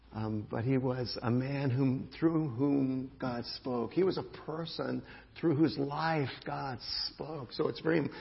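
A man with a slightly high, husky, gravelly voice preaches a sermon, animated and conversational, rising to loud calls and then dropping to quiet asides. The sound is dull and lo-fi, with long reverb from a large hall. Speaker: pastor.

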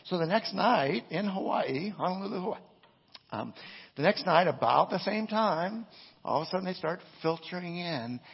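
Gravelly man preaching in an echoey hall. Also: high voice, animated, normal speed. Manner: conversational storytelling, frequent "right?" asides. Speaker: pastor. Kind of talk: sermon. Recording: echoey hall, dull lo-fi sound.

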